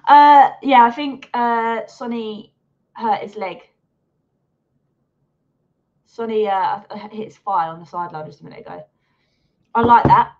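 Woman yelling at the telly during a live watch-along, swears a lot, kinda muffled lo-fi audio. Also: mid-range voice. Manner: excitable, swears and heckles the players and referee. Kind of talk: live match commentary. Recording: dull lo-fi sound.

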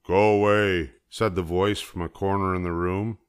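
An older man reading a children's storybook aloud in a gentle, measured way. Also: sits low, fairly even intonation, smooth.

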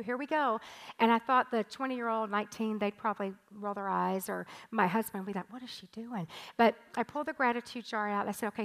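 Lady pastor in her 60s preaching, high voice, gets really emphatic and lively. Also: poor audio. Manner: animated, emphatic preaching with rising intensity. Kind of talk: sermon. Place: church stage.

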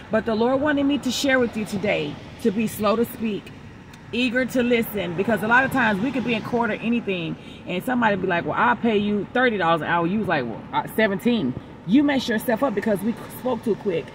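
A woman's voice: a little high, expressive, brisk, gravelly, background noise. A woman hosting her own channel, giving a casual devotional message that mixes a personal story with repeated exhortations. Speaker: preacher and channel host.

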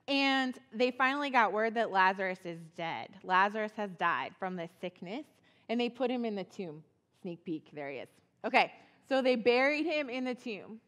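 A woman telling a Bible story as a children's sermon, in a casual, animated way, acting out the quotes. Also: fairly high pitch. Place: church sanctuary. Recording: long church reverb.

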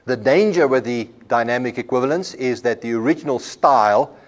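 A man from South Africa gives a classroom lecture at a Bible college. He favors homely examples, speaks slowly at a middle pitch, and often repeats a word whenever he restarts a phrase.

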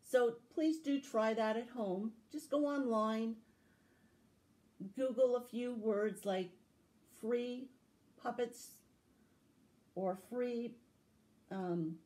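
A woman telling a story to children at a library, with a slow, expressive, sing-song delivery. Her voice sits a little high but sounds soft and mellow rather than bright. She takes an unhurried pace. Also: low-quality recording. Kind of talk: read-aloud story and tips for children.

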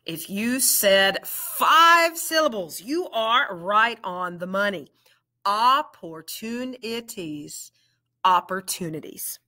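A woman teacher leading a children's reading lesson, drawing out each word slowly and praising the learners warmly. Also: medium pitch, lively intonation. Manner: slow, drawn-out word drills with encouraging praise.

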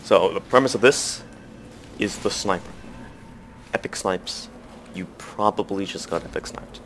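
A man giving comic commentary over his own gameplay, swinging from mumbling asides to sudden loud excited shouts. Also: deep voice, unhurried, slight background noise. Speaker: gaming commentator. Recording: loud game music and gunfire behind.

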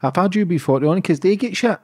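A man's voice: high-pitched, expressive, quick pace, a little mellow, husky, no room sound, studio quality. A man hosting a podcast, asking questions casually and bluntly, swearing freely. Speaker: podcast host. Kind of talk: podcast interview.

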